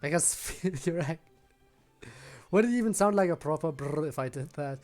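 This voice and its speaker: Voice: mid-range voice, animated, normal speed, darkish tone, faint music behind. A game streamer chatting casually and self-consciously with viewers late at night, giggling often and sounding tired. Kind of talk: casual live-stream chat while gaming.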